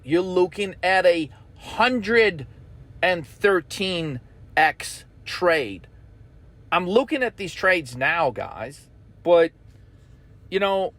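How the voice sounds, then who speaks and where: A man's voice: high-pitched, a bit bright, no room sound. A man hosting a trading channel, delivering a blunt, intense, profanity-laced rant to his viewers.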